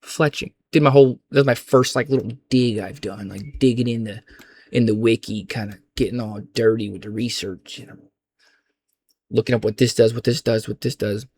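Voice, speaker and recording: A man's voice: on the low side, fairly even intonation, moderate pace, a little mellow, slight background noise. Rambling, slangy young man. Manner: loose, slangy, rambling with frequent restarts. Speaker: gaming vlogger. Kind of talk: casual rambling chat.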